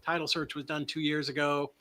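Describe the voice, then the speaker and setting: A man, a business owner, pitching his service in a casual, energetic live webinar, often asking "right?" and letting a swear slip. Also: brisk, slight background noise. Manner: animated delivery, swears. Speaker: transaction coordination business owner.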